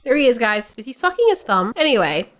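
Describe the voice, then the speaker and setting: A woman's voice: on the high side, sing-song, fast. A young woman giving casual, blunt, profane and sarcastic commentary as a reaction vlogger.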